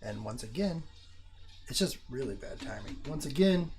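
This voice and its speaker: A man's voice: mid-range voice, expressive, moderate pace, a little mellow, soft background music. A man streaming live, chatting casually and rambling with many ums, swearing often.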